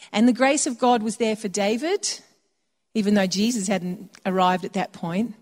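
A woman's voice: medium pitch, darkish tone. A woman preaching a sermon in a conversational way, slipping into quoted voices for little asides. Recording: long hall reverb.

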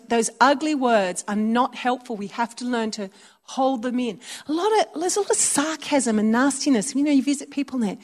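Woman, conversational sermon, chatty storytelling, slightly high voice. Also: lively intonation, fairly quick. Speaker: preacher.

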